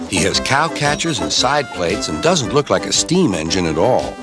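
A man narrates a children's story in a measured, expressive way. His voice sits slightly low but moves a great deal, with loud music underneath.

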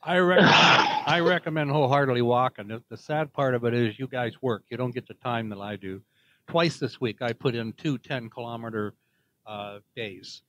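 A man's voice: medium pitch, moderate pace, fairly bright tone, highs cut off. An older man co-hosting a podcast, chatting in a cheerful, rambling, folksy way. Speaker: podcast co-host. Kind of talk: casual chat.

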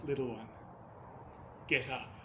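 A calm grown-up healer speaks to a child and to the grieving in a soft, slow, lowered voice, as a man puts him on. The recording carries a clear room echo with a faint hiss behind it. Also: distant mic, lightly acted. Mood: gentle. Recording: echoey room.

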